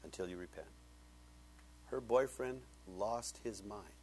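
A man's voice: fairly low pitch, slow pace, slight background noise. Man preaching a conversational sermon. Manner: conversational storytelling, swings from hushed to loud. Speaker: pastor.

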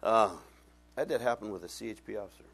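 A man's voice: on the low side, fast, vocal fry, fairly bright tone, husky, soft background music. A middle-aged male pastor preaching a sermon, telling personal stories and acting out both sides of conversations with self-mocking humor.

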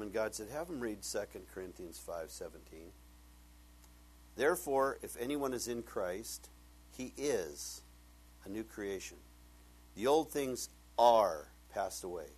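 A man preaching a sermon, retelling a conversation and then building to loud, emphatic preaching. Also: on the low side, a little hiss or hum, poor audio.

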